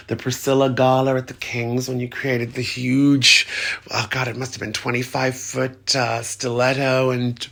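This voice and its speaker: A man's voice: mid-range voice, fairly bright tone. A man hosting a theatre show, camp and effusive, calling listeners honey and darling, laughing often, in pain from an injured arm. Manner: laughs often mid-sentence. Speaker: host.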